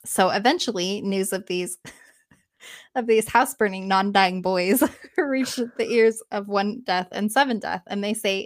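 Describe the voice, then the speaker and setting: A woman's voice: mid-range voice, measured pace. A woman retelling an old myth in a casual, chatty way, with laughing asides. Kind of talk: casual storytelling.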